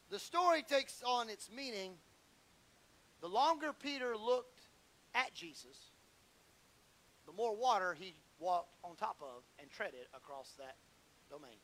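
A man preaching a sermon, swinging from shouted fervor to low, intimate asides and stumbling over repeated words when worked up. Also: animated, normal speed, rough recording.

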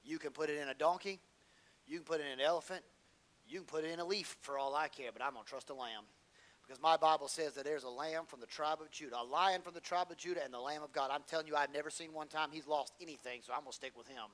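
A man preaching a sermon in a folksy, colloquial way, swinging from loud build-ups to low asides as he tells the story. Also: fast, poor audio.

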